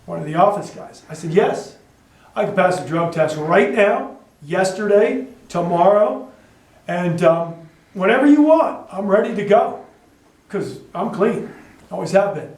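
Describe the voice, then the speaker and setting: A man recounts his wrestling days in an animated storytelling manner, jumping into other people's voices as he goes. His voice sits high for a man. He sounds set back from the microphone in a roomy, echoing space. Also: unhurried, recorded from a distance. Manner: animated storyteller who acts out others' lines. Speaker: wrestler, interview guest. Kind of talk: storytelling interview. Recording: echoey room, voice from off-mic.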